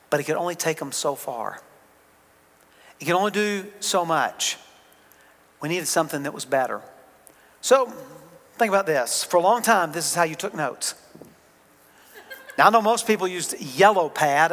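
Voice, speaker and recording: A man's voice: fairly high pitch, fairly bright tone. A man with a Southern American accent, preaching a sermon as the pastor of his church in a conversational, joking way. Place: church sanctuary. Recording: long hall reverb.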